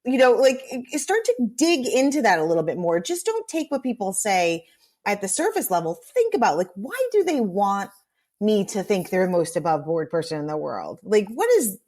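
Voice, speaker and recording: A woman's voice: medium pitch, moderate pace. A woman guest, a public relations specialist, giving advice in a casual way, posing questions and using "like" often. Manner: lively, questioning, many "like"s.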